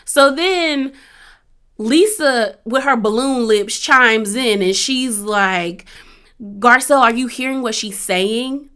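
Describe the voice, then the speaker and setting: A woman's voice: on the high side, measured pace, clear, resonant tone. A woman giving a sassy, casual recap of a reality show, acting out what the cast said. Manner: animated, sassy, acts out quotes.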